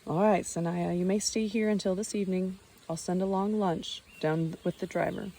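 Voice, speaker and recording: A woman's voice: on the low side, steady tone, moderate pace, dark tone. A woman reading the lines of an orphanage house mother, careful and kindly firm, in an audiobook. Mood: caring.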